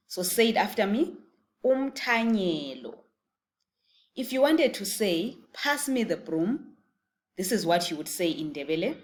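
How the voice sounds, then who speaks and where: A woman with a Zimbabwean accent teaching a beginner language lesson, patiently repeating phrases slowly so learners can copy them. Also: lowish voice.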